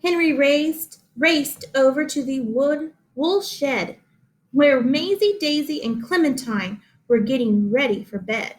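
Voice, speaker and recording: Slow, high-voiced woman reading to kids. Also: a little hiss or hum. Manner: slow, clear and expressive, pausing to explain. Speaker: teacher reading aloud. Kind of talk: children's read-aloud.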